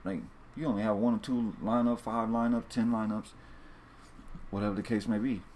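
A man's voice: lowish voice, steady tone, moderate pace, a little mellow. Guy, rambling and cussing to his viewers, stumbles and restarts a lot, faint hiss behind him. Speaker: fantasy sports video host. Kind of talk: casual monologue to viewers.

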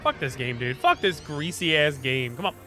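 A young man doing let's play commentary, excitable, swearing a lot and yelling at the game. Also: fairly high pitch, moderate pace, soft background music. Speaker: gaming streamer.

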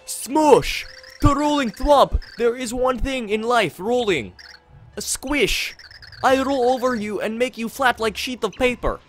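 Guy doing a gruff slavic brute, broken english, fake accent, blunt. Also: very high voice, expressive, measured pace, faint music behind, pitched above the performer's own voice. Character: gruff rolling Slavic male brute fighter.

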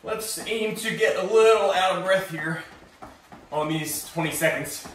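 A man's voice: sits high, measured pace, fairly bright tone. A man coaching a live workout class, upbeat and encouraging, calling out to participants by name. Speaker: fitness instructor. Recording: very echoey room, distant mic, faint hiss.

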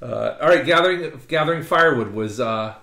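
A man running a tabletop game as game master, narrating haltingly with restarts and chuckles. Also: mid-range voice, animated, vocal fry, bright, forceful tone. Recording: echoey room with background noise.

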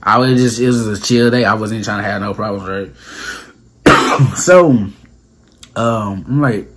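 A man's voice: medium pitch, a little slow, pauses often, slightly rough. A young man telling a story casually in slangy talk, acting out what people said. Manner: animated, slangy, acts out quotes with voice jumps. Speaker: storyteller vlogger.

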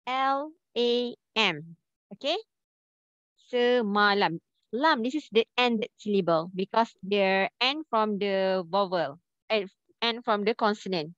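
A woman's voice: medium pitch, a little slow, a bit bright, no room sound. A woman teaching a language class online, patiently repeating questions and spelling out syllables. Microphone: video call. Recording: dull lo-fi call audio.

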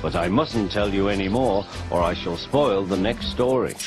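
A man narrating a children's story in a lively, expressive way. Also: sits low, normal speed. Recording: muffled old audio with music.

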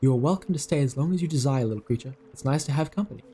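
A man voicing a weary, kindly old female machine mind, reading her game dialogue aloud in a soft, slow way. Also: medium pitch, close to an everyday voice.

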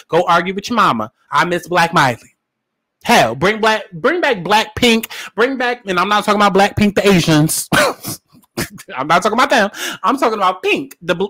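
A man's voice: high-pitched, bright, forceful tone. A man giving casual pop culture commentary in a sassy, profane, emphatic way, repeating lines for punch. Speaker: commentary vlogger.

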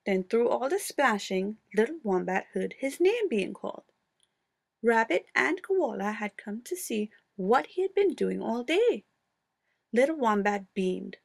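Expressive woman reading a storybook. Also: on the high side, unhurried, vocal fry. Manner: expressive, playful read-aloud delivery. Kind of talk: storybook read-aloud.

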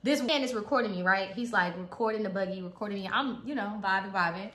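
A woman's voice: medium pitch, quick pace, few pauses. A young woman with a Houston accent telling a funny storytime, laughing often, full of slang and acting out what people said. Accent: Houston, Texas. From Houston, Texas. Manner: animated, laughing often, slangy, acts out dialogue. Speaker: vlogger. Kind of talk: casual storytime. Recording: echoey room.

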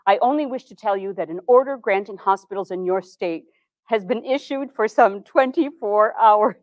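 A woman's voice: mid-range voice, a little mellow, no echo, close to an everyday voice, low-quality recording. A woman playing a dignified 1860s woman reformer. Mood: recounting. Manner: formal, measured old-fashioned diction. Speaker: historical reenactor. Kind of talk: first-person historical monologue.

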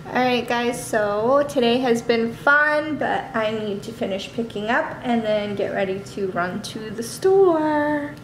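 A woman's voice: on the high side, fairly even intonation, unhurried, hardly any pauses, fairly bright tone, a little hiss or hum. A woman vlogger casually signing off to her viewers in an easygoing, chatty way. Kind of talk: casual vlog sign-off to viewers. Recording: roomy home recording.

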